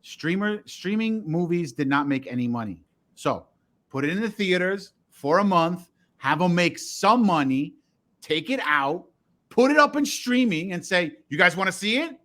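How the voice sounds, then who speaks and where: Casting: male co-host, a bit higher voice, easy conversational delivery. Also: lively intonation, measured pace, a bit bright. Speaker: podcast co-host. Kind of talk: casual chat.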